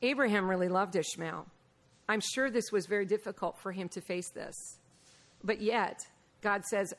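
A woman preaching a Bible lesson, mixing lively personal stories with scripture, and often laughing and acting out the voices of people in her stories. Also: mid-range voice, moderate pace. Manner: animated, laughing, acts out quoted voices. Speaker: Bible teacher. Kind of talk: sermon with personal storytelling.

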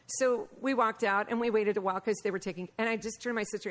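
A woman preaching a Bible lesson, mixing lively personal stories with scripture, and often laughing and acting out the voices of people in her stories. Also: medium pitch, fast talker. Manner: animated, laughing, acts out quoted voices. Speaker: Bible teacher. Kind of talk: sermon with personal storytelling.

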